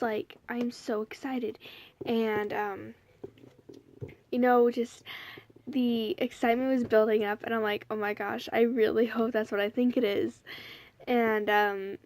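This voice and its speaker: Chatty young woman telling a story. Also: a little high. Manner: chatty, rambling, lots of "like" and "you know". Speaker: vlogger. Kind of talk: casual storytelling to camera.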